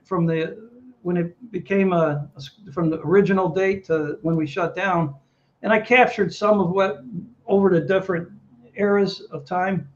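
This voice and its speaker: High-voiced man telling a war-veteran story. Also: moderate pace, lo-fi sound. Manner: animated anecdote teller, quotes others. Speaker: Navy veteran guest. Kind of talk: casual storytelling interview.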